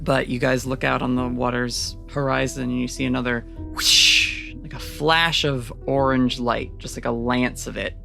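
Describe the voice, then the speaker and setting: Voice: mid-range voice, flat delivery, moderate pace, creaky, pushed and bright, soft background music. A game master narrating a tabletop role-playing scene in a casual, filler-heavy way.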